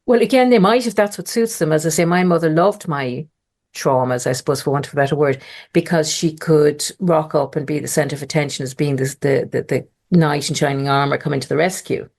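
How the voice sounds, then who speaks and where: A middle-aged woman, a podcast guest telling a personal story in a lively conversational way. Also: low voice, fairly quick. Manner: animated, mimics others' voices in quotes.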